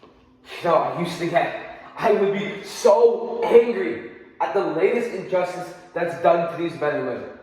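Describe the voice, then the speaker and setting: A man's voice: a little high, expressive, darkish tone. Impassioned man in an echoing hall. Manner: impassioned, angry, emphatic pauses. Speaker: oral interpretation student. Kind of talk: dramatic recitation of a speech. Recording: echoey hall with long reverb.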